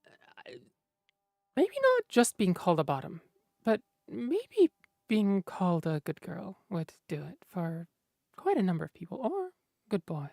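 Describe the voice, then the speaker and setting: A woman's voice: mid-range voice, huge pitch swings, measured pace, creaky, long pauses, darkish tone, no room sound, clean studio sound. A woman streamer chatting casually with her viewers, playful and teasing. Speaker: streamer reading chat. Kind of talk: casual livestream chat.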